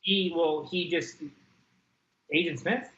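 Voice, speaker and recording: A man co-hosts a casual podcast in an animated, performative way, acting out reactions as he talks. His voice is bright and forceful and fairly high for a man. It comes through an echoey room on dull, lo-fi audio. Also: slow. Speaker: podcast co-host. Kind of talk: casual chat.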